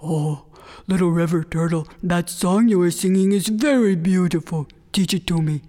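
Greedy male coyote done by a woman storyteller, low, dark, slow drawl, folk tale, hall reverb. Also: natural voice. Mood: coaxing.

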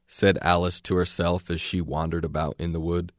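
A man reading a classic storybook aloud in a measured, expressive way. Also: deep voice, dry recording, clean studio sound. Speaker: reader.

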